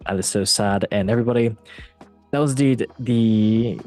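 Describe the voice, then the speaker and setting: A man's voice: on the low side, steady tone, brisk, warm tone, dry recording, faint music behind. A man hosting a football podcast quiz, joking and mock-dramatic in a casual chat. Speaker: podcast host running a quiz.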